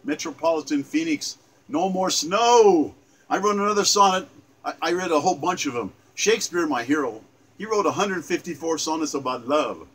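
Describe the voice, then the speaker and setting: A man's voice: on the high side, expressive, a little fast, fairly bright tone, breathy edge, low-quality recording. A man in his seventies earnestly reciting his own sonnet, emphatic and repeating phrases with small stumbles. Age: 70s. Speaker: poet.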